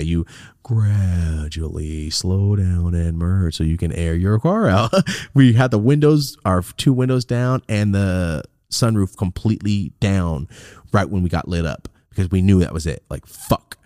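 A man's voice: sits low, darkish tone, dry recording, studio quality. A man casually telling a rambling, profane road-trip story as a podcast host.

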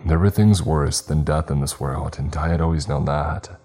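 A man narrating a horror story in a slow, grave, measured way. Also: a bass voice, dark tone, soft background music.

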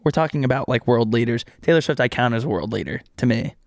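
A man's voice: medium pitch, vocal fry, no echo, studio quality. A young man co-hosting a podcast, chatting casually with jokes and rambling asides. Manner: joking, rambling, quick asides. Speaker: podcast co-host. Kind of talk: casual chat.

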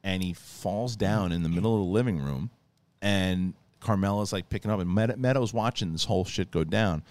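Low-voiced man telling animated stories. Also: normal speed, no echo. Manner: animated storytelling, acts out quoted lines in a raised voice; profane, rambling with many restarts. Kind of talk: casual chat.

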